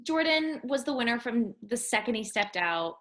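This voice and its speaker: A woman's voice: on the high side, expressive, normal speed, a bit bright. A woman hosting a recap podcast, chatting casually in a playful, chatty way. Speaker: host. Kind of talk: casual chat.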